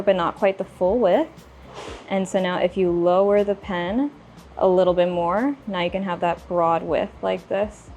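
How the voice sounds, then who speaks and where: A woman walks through a pen demonstration in a relaxed, chatty way, poking fun at her own skills. Her voice sits in a middle range. A faint noise hangs behind the recording. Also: mid-range voice. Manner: chatty, explains step by step, self-deprecating. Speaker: stationery shop presenter. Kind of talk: casual product demonstration.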